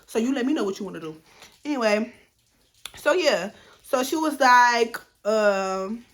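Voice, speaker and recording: A woman's voice: a little high, lively intonation, measured pace, long pauses, echoey room. A woman telling a storytime on her vlog, bluntly and profanely retelling a text-message argument in a heated voice.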